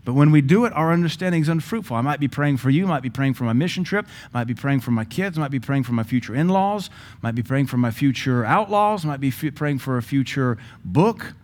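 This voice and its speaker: A male pastor teaching a sermon in a lively, joking way, now and then breaking into praying in tongues. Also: mid-range voice, brisk.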